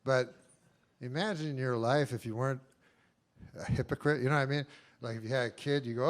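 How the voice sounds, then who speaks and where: A male stand-up comedian doing a club set, talking in a deadpan, halting way with drawn-out pauses, picked up by a handheld stage mic. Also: medium pitch.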